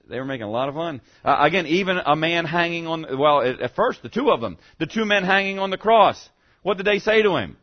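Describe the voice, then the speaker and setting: A male pastor preaching a sermon, asking the congregation rhetorical questions and dropping his voice low for quoted speech. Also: expressive, fairly quick, lo-fi sound.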